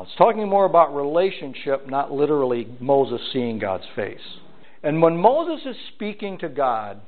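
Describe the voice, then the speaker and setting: A man preaching an expository sermon, reading scripture aloud and then explaining it in plain, conversational terms. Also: mid-range voice. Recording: tinny phone-like lo-fi audio.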